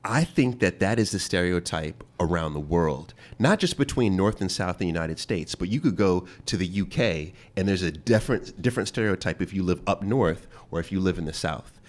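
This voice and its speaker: A man's voice: low voice, animated. A man hosting an interview podcast, talking in a playful, casual way and leaning on key words. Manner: playful, laughs often, drawn-out emphasis. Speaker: host.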